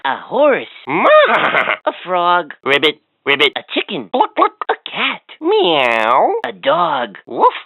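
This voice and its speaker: A cheerful talking learning toy, chatty and encouraging, with a giggly joke-telling manner. Its voice leaps all over in a sing-song way. It comes through tinny and completely dry, like a small toy speaker. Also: female voice, mid-range voice, no room sound, heavily acted. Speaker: voice of a children's educational toy. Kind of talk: scripted toy voice lines.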